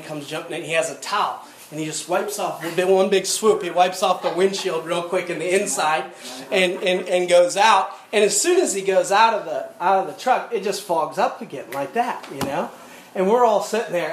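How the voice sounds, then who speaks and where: A man's voice: high voice, slight background noise. Guy preaching a sermon, tells stories, chuckles, church echo all around. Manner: storytelling with quoted scripture and chuckles. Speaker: pastor. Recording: echoey room.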